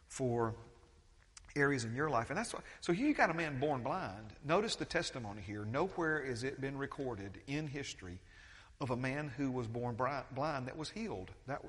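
A man's voice: mid-range voice, lively intonation, moderate pace, fairly bright tone. Pastor guy, casual rambling sermon, lots of restarts, big church hall echo. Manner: conversational, full of restarts and quoted voices.

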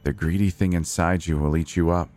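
A man voicing a sly, mustached stranger from the shadows who speaks calmly and smugly. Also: low voice, brisk, faint music behind, lightly acted. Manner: calm, smug and sly.

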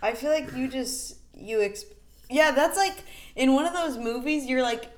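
A young woman co-hosting a casual movie chat, relaxed and agreeable. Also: high-pitched, normal speed. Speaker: podcast co-host.

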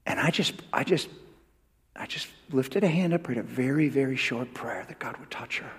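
A male pastor preaching a sermon, shifting from hushed, near-whispered asides to loud, fervent declarations with repetitive, rousing phrasing. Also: medium pitch, normal speed, breathy edge. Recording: reverberant hall sound.

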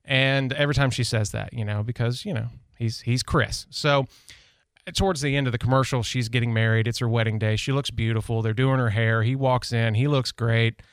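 A man hosts a local radio talk show, rambling warmly through personal stories in a loose, chatty way. His voice sits at an ordinary middle pitch. He is recorded close and dry on a studio microphone. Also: steady tone, a little fast, clear, resonant tone, no echo. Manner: chatty, rambling, self-deprecating. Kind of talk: casual radio chat.

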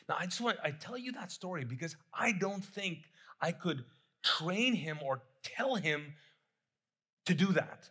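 A man's voice: sits high, animated, measured pace, pushed and bright, breathy edge. A middle-aged man preaching a sermon as pastor, talking conversationally, repeating phrases and putting questions to the congregation.

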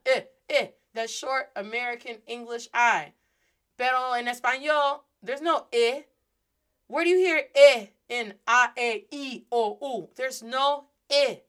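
A woman's voice: fairly high pitch, a little slow, a bit bright. A woman hosting a playful Spanish lesson, mixing Spanish words into English and acting out little scenes. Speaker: Spanish teacher and host. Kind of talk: energetic casual language lesson.

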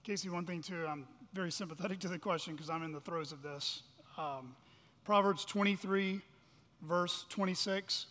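A man's voice: a little high, moderate pace, sharp tone. A man co-leading a church workshop as pastor, speaking reflectively and quoting scripture. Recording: reverberant hall.

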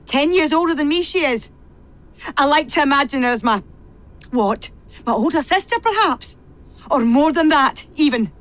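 A woman's voice: high-pitched, lively intonation, moderate pace, long pauses, a bit bright. An actress playing a bitter, repressed woman who has served a family since childhood, pouring out a venomous confession in a radio play.

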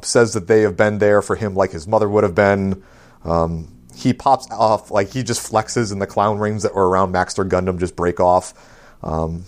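Low-voiced man recapping, lots of ums. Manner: rambling, full of "um" and "uh" while recapping. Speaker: podcast co-host. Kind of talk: casual episode recap.

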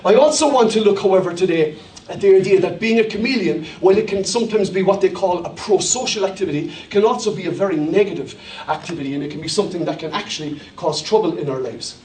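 A man's voice: sits high, fast talker, a little mellow. An Irish man preaching a sermon as pastor to his congregation, in a jovial, joking manner. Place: church hall. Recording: echoey hall, mic far off.

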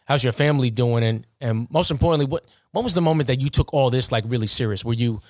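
A man's voice: medium pitch, fast, no room sound, clean studio sound. Chatty New York man hosting. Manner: rambling, many fillers like "man" and "you know". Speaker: podcast host and referee. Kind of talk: casual interview chat.

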